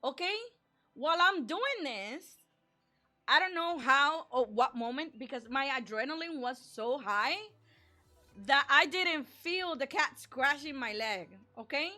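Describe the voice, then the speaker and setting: A woman streamer telling a personal story in an animated, chatty way, acting out the dialogue and saying "like" often. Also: high-pitched, measured pace. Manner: animated, acts out dialogue, frequent "like". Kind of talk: casual storytime.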